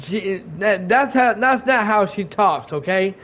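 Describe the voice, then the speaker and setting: A man's voice: high voice, expressive, measured pace, a bit bright, a little hiss or hum. A man hosting a podcast, telling a casual story full of restarts and repeated words. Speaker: podcast host. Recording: dull lo-fi stream audio.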